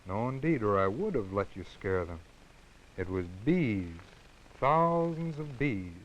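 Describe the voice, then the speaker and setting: A man doing a calm, patient mother cat. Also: fairly low pitch, slow, muffled recording.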